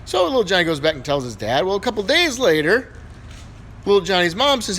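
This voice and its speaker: A man telling jokes in a loose, casual way, his slightly high voice swooping up and down as he builds to each punchline. He is animated and chuckles at his own gags. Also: brisk, slight background noise. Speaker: joke teller.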